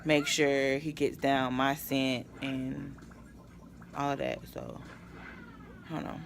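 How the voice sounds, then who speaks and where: Exhausted gravelly-voiced woman. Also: a bass voice, animated, slow, a little hiss or hum. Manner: tired, rambling, with sighs and yawns. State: exhausted from no sleep. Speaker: vlogger. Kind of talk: casual vlog update.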